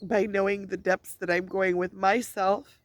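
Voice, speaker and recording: A woman speaking through tears in a personal vlog, her talk looping and repeating as she searches for words. Her voice sits at an ordinary middle pitch, and the sound is dry and close, with little space around it. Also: level tone, a little slow, dry recording. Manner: rambling, repeats and restarts words. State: tearful. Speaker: spiritual vlogger. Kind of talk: emotional personal monologue. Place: outdoors at a scenic spot.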